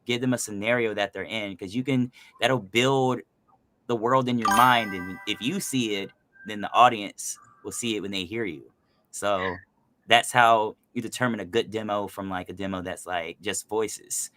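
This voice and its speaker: A man's voice: on the low side, normal speed, a little hiss or hum. A man who is a voice actor, chatting casually and animatedly about his craft, with lots of fillers. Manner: animated, explains with many fillers. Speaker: voice actor guest. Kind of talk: casual podcast chat.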